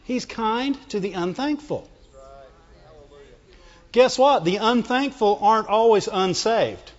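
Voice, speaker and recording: Animated high-voiced preacher in a reverberant hall. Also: male voice, slow. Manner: animated, acts out whining voices, laughs often. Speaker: pastor. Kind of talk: sermon. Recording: dull sound with long hall reverb.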